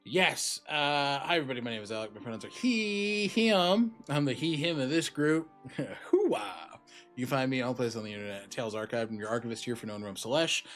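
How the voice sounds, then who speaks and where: A man's voice: mid-range voice, fairly quick, soft background music. A man hosting a tabletop role-playing game and narrating scenes as game master, upbeat and joking. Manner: upbeat, joking, animated delivery.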